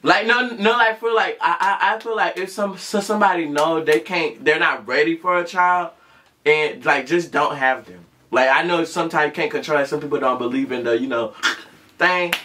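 A man's voice: on the high side, normal speed, pushed and bright, a little hiss or hum. A man co-hosting a casual chat, rambling and circling back with many fillers. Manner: rambling, lots of fillers and restarts. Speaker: co-host.

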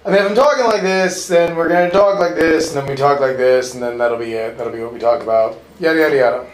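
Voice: medium pitch, fast talker, roomy sound, slight background noise. Laid-back host doing mic checks. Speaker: podcast host running the tech setup. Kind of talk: casual chat during mic checks.

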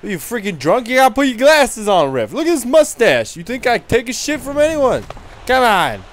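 A man's voice: very high voice, wildly swooping pitch, moderate pace, full character voice. A man voicing a brash, dim-witted young male hockey goon in rowdy, trash-talking game commentary. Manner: rowdy trash talk, frequent laughs. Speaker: gaming video creator. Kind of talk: in-character gameplay commentary.

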